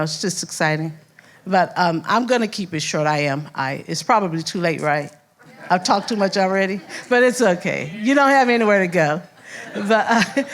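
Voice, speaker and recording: An older woman from Louisiana with a Southern accent, a first-grade teacher giving a heartfelt speech and acting out her students' voices as she tells stories. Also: lowish voice. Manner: animated storyteller, acts out voices, laughs often. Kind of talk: heartfelt speech at an awards event.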